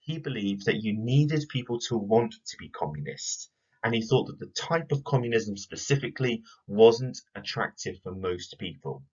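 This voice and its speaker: A man teaching a recorded history lesson to pupils, explaining clearly and speaking to them directly. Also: on the low side, animated, normal speed, a little mellow, muffled recording.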